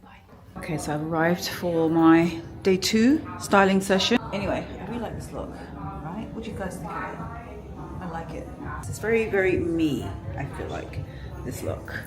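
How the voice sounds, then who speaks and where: A woman's voice: fairly low pitch, expressive, moderate pace, a crowd in the background. A young British woman chatting to camera in a gushing, chatty fashion vlog, full of fillers. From Britain. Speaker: fashion vlogger. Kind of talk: casual vlog chat to camera. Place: indoors and in a car. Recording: echoey, from a distance, faint noise.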